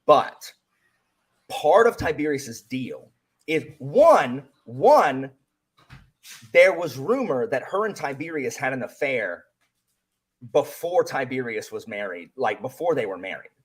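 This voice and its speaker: A man hosting a casual book club chat, rambling excitedly with lots of fillers and restarts. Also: mid-range voice, takes it slowly, breathy edge. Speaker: book channel host.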